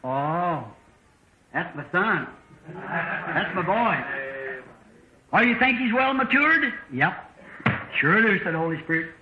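A preacher with a notably high voice tells a homespun parable from the pulpit and acts out each character's lines. The recording is an old sermon tape that sounds dull and echoey, as if captured in a reverberant church. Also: male voice, animated, slow pace, long pauses, background noise. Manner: folksy storytelling preacher, acting out dialogue with shifting voices.

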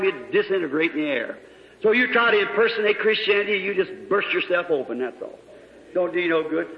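A man preaching a revival sermon, fervent, swinging between loud shouts and hushed lows. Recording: echoey hall, lo-fi old tape.

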